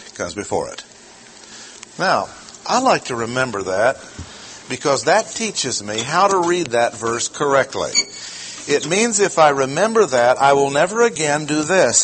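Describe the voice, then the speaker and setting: Male preacher, mid-pitched, teaching a verse line by line, questioning his listeners, slight background hiss. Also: very animated, a bit bright, rough recording. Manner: deliberate, emphatic, slows to stress key words; asks the audience questions. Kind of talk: Bible teaching sermon.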